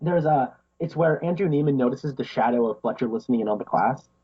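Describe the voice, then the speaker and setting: An eager man talks through a film with a co-host, tumbling over fillers and laughing between thoughts. His voice is a little husky, and the audio is dull and lo-fi. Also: mid-range voice, fast. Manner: enthusiastic, laughs often, many fillers. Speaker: podcast co-host. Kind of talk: casual film discussion.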